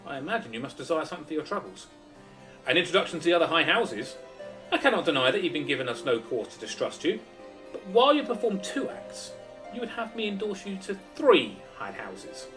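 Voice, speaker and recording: A man's voice: fairly high pitch, big pitch swings, brisk, a bit bright, recorded from a distance, soft background music. A man voicing a haughty middle-aged male lord in a fantasy game, condescending and bargaining.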